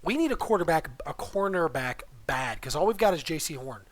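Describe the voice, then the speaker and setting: A man's voice: a little high, lively intonation, fairly quick, crowd noise. A young man co-hosting a casual podcast chat from home, laughing often and swearing, recorded on a computer mic over a remote call. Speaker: podcast co-host.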